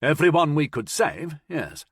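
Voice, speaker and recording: A man's voice: mid-range voice, lively intonation, moderate pace, a bit bright, slightly rough, dry recording. A man voicing a confident, seasoned male soldier, ragged and out of breath, with dry mockery. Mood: solemn. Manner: dryly mocking, ragged and breathless.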